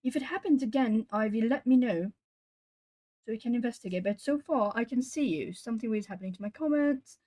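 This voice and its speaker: A woman's voice: a little high, animated, a little fast, warm tone, low-quality recording. A woman chatting casually on her art livestream, reading out and answering viewer comments as she colours. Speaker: art streamer. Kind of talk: casual live-stream chat. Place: home art desk.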